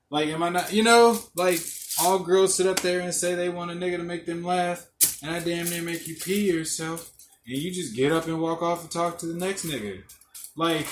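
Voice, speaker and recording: A young man hosting a podcast alone, telling rambling, profane stories and laughing often. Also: on the high side. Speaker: podcast host. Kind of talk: casual monologue. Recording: echoey room, faint noise.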